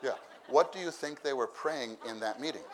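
A man with a mid-range, slightly bright voice preaches a conversational sermon at a church meeting at a normal speed. He repeats phrases and acts out the voices of people in his stories, breaking into bursts of laughter. A faint crowd and slight background noise can be heard.

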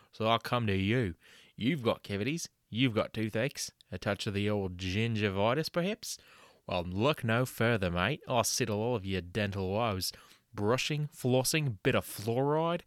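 A man's voice: on the low side, a bit bright, no room sound, studio quality, natural voice. A man voicing a crude, boastful roadside dentist in a comic mock advert, with a put-on Australian accent and plenty of swearing and slang.

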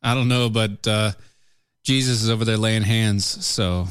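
A man's voice: lowish voice, steady tone, normal speed, smooth. A man co-hosting a talk radio show, joking and cutting in with quips. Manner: joking, quips and laughing interruptions. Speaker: radio co-host. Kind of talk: casual talk radio banter.

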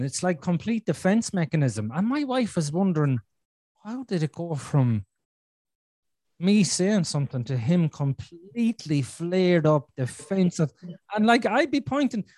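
A man's voice: sits high, very animated, unhurried, a little mellow, dry recording. A man hosting a podcast, talking candidly and bluntly, swearing freely and repeating himself for emphasis. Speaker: podcast host. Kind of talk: candid conversational chat.

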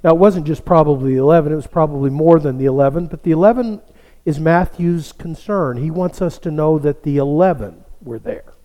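A male pastor preaching a sermon, telling a story slowly and dropping to a hush for emphasis. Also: on the high side, in a large hall. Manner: slow, storytelling delivery that drops to a hush for emphasis.

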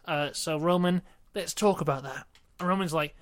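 Chatty young British man, high voice. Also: normal speed, a bit bright, no echo. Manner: chatty recap with playful put-on quotes. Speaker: podcast co-host. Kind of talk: casual wrestling review chat.

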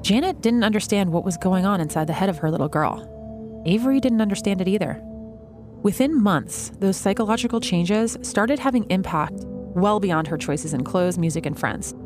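A woman narrating a documentary in a measured, informative scripted style. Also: mid-range voice, expressive. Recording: narration over clear music.

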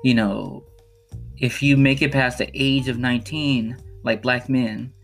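A man's voice: medium pitch, steady tone, unhurried, creaky, fairly bright tone, faint music behind. A young man from Chicago hosting a podcast, telling a personal story in an earnest, emphatic way and repeating phrases for emphasis. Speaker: podcast host.

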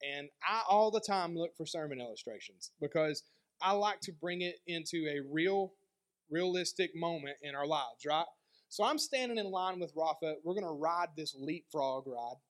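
Guy pastor w a pretty high voice, chatty sermon storytelling style. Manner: conversational storytelling with lively dynamic swings.

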